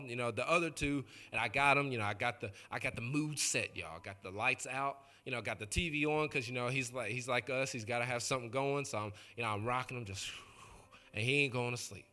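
Guy pastor telling stories in a sermon, chatty and jokey, sharp bright voice, mid pitch. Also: fairly quick. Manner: chatty, joking, addresses the congregation directly. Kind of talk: conversational sermon storytelling.

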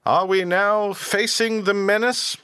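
A man's voice: high-pitched, steady tone, slow, sharp tone, clear, resonant tone, soft background music, heavily acted. An actor playing a pompous, petulant king in a comedy audio drama. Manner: pompous, exasperated.

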